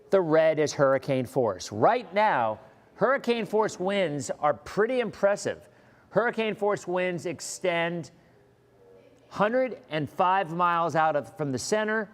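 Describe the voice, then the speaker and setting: A middle-aged man with a fairly high voice gives a live weather broadcast. He sounds reassuring and emphatic, and he repeats his key points. A long reverb trails after his voice. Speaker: TV meteorologist. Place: live stream studio.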